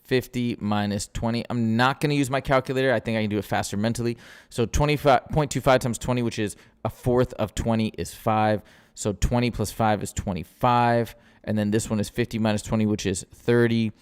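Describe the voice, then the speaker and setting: A man's voice: mid-range voice, steady tone, fairly quick, smooth. A man, tutoring math as he works through a timed test, casual and upbeat, thinking aloud. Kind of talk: live-streamed test walkthrough.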